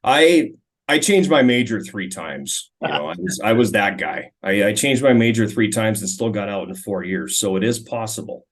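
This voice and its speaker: Man, 40s, from Minnesota, lowish voice, casual interview storytelling, repeats words when starting sentences. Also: normal speed. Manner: relaxed, frequent stammered restarts. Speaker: guest, former hockey player and radio color commentator.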